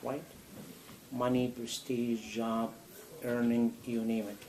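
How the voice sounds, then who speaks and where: A man giving a sermon in a mosque, animated and full of rhetorical questions. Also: medium pitch, takes it slowly, low-quality recording. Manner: animated, acts out a dialogue with God, rhetorical questions. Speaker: imam answering a question. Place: mosque hall.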